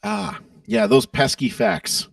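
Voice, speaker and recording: Profane gravelly man ranting off-mic. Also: fairly high pitch, lively intonation, slow pace, no echo, far from the mic. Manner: profane, mocking rant. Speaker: podcast co-host. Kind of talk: casual political podcast chat.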